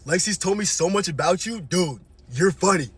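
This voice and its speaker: A man's voice: sits high, expressive, moderate pace, a bit bright, breathy edge, no room sound, heavily acted. A man voicing a friendly, laid-back young man who talks in a casual bro-ish way.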